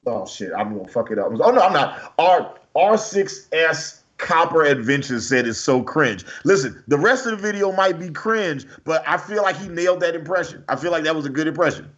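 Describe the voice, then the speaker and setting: A man co-hosting a podcast, excitable and repeating himself in casual chat. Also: a little high, normal speed, hardly any pauses, muffled recording. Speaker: podcast co-host.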